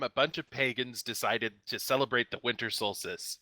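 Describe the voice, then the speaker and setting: A man's voice: medium pitch, fairly even intonation, moderate pace, sharp tone, dry recording. A man co-hosting a podcast, telling a wry story in casual banter. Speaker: podcast co-host.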